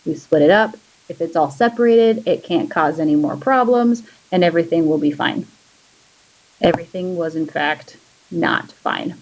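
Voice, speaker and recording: A woman's voice: fairly low pitch, expressive, normal speed, darkish tone, poor audio. Chatty woman teaching history. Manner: chatty, drawing as she explains, many fillers. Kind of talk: casual classroom lecture.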